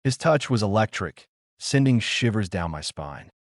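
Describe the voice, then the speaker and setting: A man reading a first-person story in a smooth, even, unhurried way. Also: lowish voice, no echo, studio quality.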